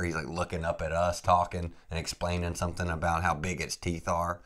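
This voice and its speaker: A podcast host telling a travel story in a laid-back, rambling way, saying "dude" and "freaking" a lot. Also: male voice, low-pitched, level tone, brisk, hardly any pauses, fairly bright tone.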